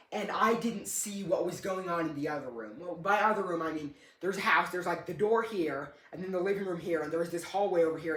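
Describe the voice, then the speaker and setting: A man's voice: high-pitched, sharp tone. A young man casually telling a story, rambling and correcting himself, with a dry, joking humor. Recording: echoey room.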